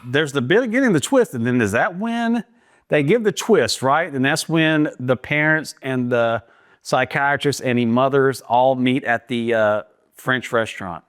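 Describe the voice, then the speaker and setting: A man's voice: mid-range voice, a little slow. A man co-hosting a podcast in casual chat, chiming in with short agreements and wry asides about a film. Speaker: podcast co-host. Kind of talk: casual movie review chat.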